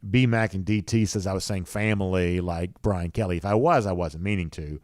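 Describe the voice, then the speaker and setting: A man's voice: low voice, moderate pace, a little mellow, no room sound, clean studio sound. A man hosts a live show, reading viewer comments in an easygoing, rambling way with many fillers. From rural US South. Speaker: podcast host.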